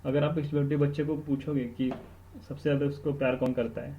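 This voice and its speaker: A man's voice: medium pitch, level tone, rapid-fire, lo-fi sound, a little hiss or hum. A man with an Indian accent giving study tips in an earnest, emphatic way, slipping into Hindi and repeating words for stress. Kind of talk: instructional podcast talk.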